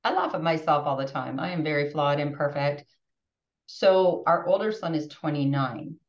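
A woman in her fifties chatting as a podcast guest, animated and emotional, often restarting her sentences. Her voice sits on the lower side. She sounds set back from the mic in a roomy space, with muffled audio. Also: moderate pace, recorded from a distance. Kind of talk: casual podcast conversation.

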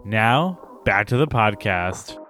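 A man's voice: on the low side, animated, takes it slowly, over music. A man hosting a casual podcast, talking in a rambling way with frequent laughs and fillers; Spanish is his first language. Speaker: podcast host.

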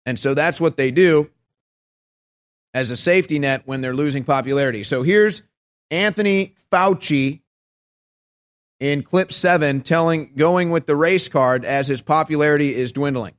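A male host delivers a heated political commentary, sarcastic and mocking. His voice sits a bit high. He slips into squeaky put-on voices to ridicule others. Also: moderate pace. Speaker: talk show host.

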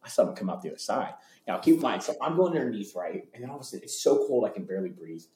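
Animated man telling tour stories, echoey room. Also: fairly low pitch. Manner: animated, fast, lots of fillers and restarts, acts out voices. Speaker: interview guest, former tour hypeman. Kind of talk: casual storytelling.

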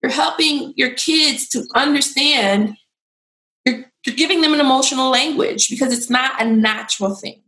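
A woman giving parenting and relationship advice in a casual chat, animated and acting out bits of dialogue. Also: sits high, moderate pace, echoey room, poor audio. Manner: animated, acts out quoted dialogue.

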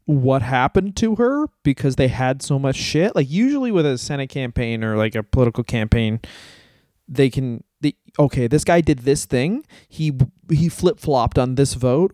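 A tired man co-hosting a podcast in a loose, rambling way, swearing freely and breaking into laughs. His voice is mellow and smooth. The sound is dry and close. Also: medium pitch, no room sound. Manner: profane, rambling, laughs often. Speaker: podcast co-host. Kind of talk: casual comedic chat.

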